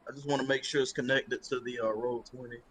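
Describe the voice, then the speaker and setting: Male player, average pitch, tentative casual talk, slight background noise. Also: fairly even intonation, quick pace, a bit bright, rough recording. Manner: unsure, checking things aloud. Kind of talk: casual chat.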